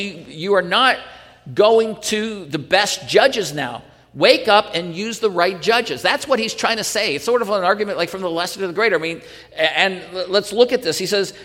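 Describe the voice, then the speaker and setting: Male pastor, slightly high voice, earnest sermon full of rhetorical questions, recorded with a long hall echo. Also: a bit bright.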